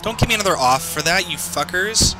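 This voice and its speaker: A man's voice: high voice, expressive, a little fast. Worked-up guy sim racing and cursing at other drivers, game music and engine noise behind. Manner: frustrated, swearing, yelling at other drivers. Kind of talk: live racing commentary.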